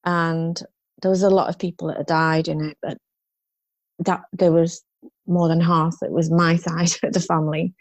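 Woman in her fifties, interview guest, candid storytelling, lowish voice, dry sound. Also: level tone, moderate pace, no room sound. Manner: frank, rambling, with restarts and rueful laughs.

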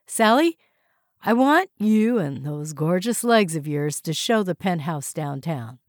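A woman's voice: on the low side, sing-song, measured pace, a little mellow, no room sound, clean studio sound. A woman voicing a confident, upbeat young male real estate boss giving orders to his agents. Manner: upbeat, commanding.

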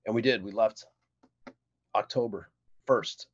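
A man's voice: fairly low pitch, a little slow, husky. Middle-aged guy telling stories on a podcast, easygoing, kinda muffled sound. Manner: relaxed storyteller, fillers like "um" and "uh". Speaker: podcast guest. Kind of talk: casual interview storytelling. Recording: muffled, dull mic.

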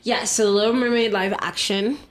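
A woman's voice: medium pitch, fairly even intonation, moderate pace. A young woman co-hosting a podcast in casual chat, chatty and opinionated, full of slang. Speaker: podcast co-host.

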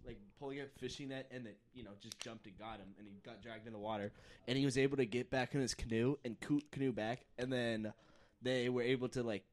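A man's voice: mid-range voice, steady tone, fast talker, slight background noise. A man hosting a casual podcast chat, loose and joking, swearing freely. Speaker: podcast host.

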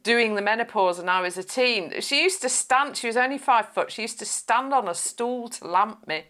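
A woman's voice: fairly high pitch, moderate pace, pushed and bright. A woman in her forties, a guest in a podcast interview, talking frankly and chattily and breaking into laughs mid-sentence.

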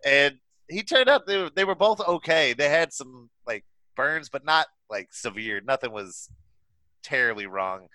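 A man's voice: mid-range voice, lively intonation, measured pace, bright, forceful tone, dry recording. A young man casually telling a wild story among friends, swearing and laughing as he goes.

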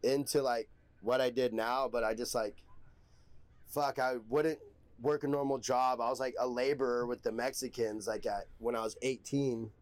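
A man's voice: medium pitch, fairly even intonation, moderate pace, no room sound. Young man, podcast guest, casual storytelling, slangy, profane, rambling, dry. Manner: rambling, heavy slang and swearing.

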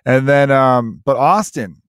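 A man's voice: medium pitch, takes it slowly, clean tone, no room sound, studio quality. A man in a casual podcast chat, blunt and swearing as he gives advice.

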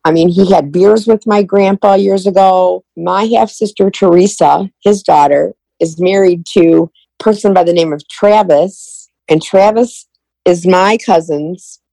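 A woman's voice: fairly low pitch, a little slow, gravelly, dark tone, dry recording, poor audio. A middle-aged woman telling her family story in an interview, retelling conversations in quoted dialogue. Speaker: guest.

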